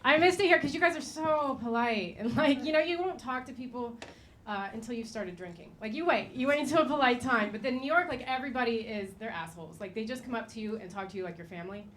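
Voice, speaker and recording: Woman from egypt doing stand-up, kinda high voice, noisy club sound. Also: fast talker, fairly bright tone. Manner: casual, swearing, storytelling with quoted voices. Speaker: stand-up comedian. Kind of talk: stand-up comedy routine. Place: comedy club stage.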